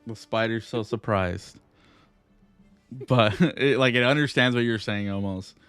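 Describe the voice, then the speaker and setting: A man running a tabletop game as game master, halting and full of fillers and checking questions. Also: lowish voice, a bit bright, clear, resonant tone, no room sound, faint music behind. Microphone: streaming setup.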